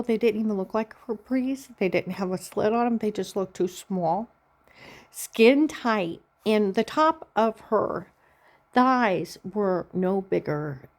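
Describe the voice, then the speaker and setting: In a slow, plain monologue, a woman vlogs as she rambles through a long personal story, frequently checking in with "Okay?" Her voice is medium in pitch and a little mellow.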